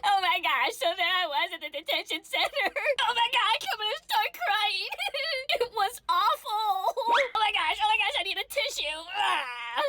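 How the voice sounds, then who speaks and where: A woman's voice: extremely high pitch, expressive, normal speed, pushed and bright, no room sound, full character voice. A woman playing a young congresswoman in a parody, fake-crying and giggling as she testifies. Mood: fake-tearful. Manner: sobs and giggles, breaking into laughter mid-sentence. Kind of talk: parody dub impression.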